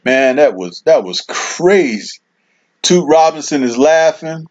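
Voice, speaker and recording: A man's voice: a little high, animated, takes it slowly. A man hosting his own livestream, chatting casually and reading viewer comments aloud in a laid-back way, with lots of "man" and "you know.". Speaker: livestream host. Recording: dull lo-fi stream audio.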